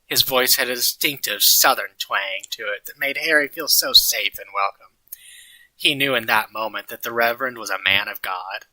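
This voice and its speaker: A man's voice: mid-range voice, moderate pace, sharp tone, no room sound, rough recording. A man reading a story aloud to friends in a sarcastic, mock-earnest way, as the host of the reading. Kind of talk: mocking dramatic reading with friends.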